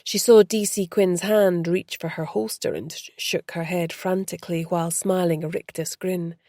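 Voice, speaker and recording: A woman narrating an audiobook with a gravelly, mellow, rather low voice, measured and even. The close mic gives a dry, dead sound. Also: no room sound.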